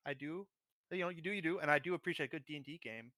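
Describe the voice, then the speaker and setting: A man's voice: fairly high pitch, rapid-fire, pushed and bright, no room sound. A man on a livestream who rambles casually, reads chat aloud and pokes fun at himself. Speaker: streamer and model kit builder, guest.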